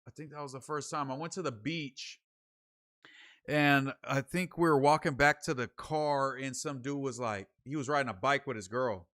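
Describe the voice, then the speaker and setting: A man's voice: medium pitch, normal speed, a bit bright. A young man from Sacramento hosting his own livestream, reading viewer comments and telling rambling, slangy stories full of fillers. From Sacramento, California. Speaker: streamer hosting a late show.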